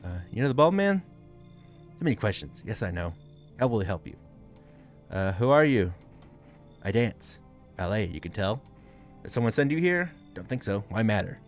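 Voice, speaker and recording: A man's voice: fairly low pitch, very animated, normal speed, pauses often, soft background music. A man voicing an odd, cryptic ballet dancer who talks in broken, terse phrases.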